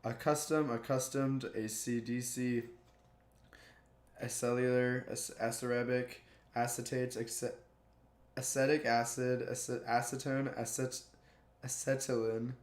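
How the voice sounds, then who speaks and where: A man's voice: mid-range voice, echoey room. A man reading dictionary words aloud one after another, tripping over hard words and chuckling at his slips. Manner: monotone word list with stumbles and chuckles. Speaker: YouTuber.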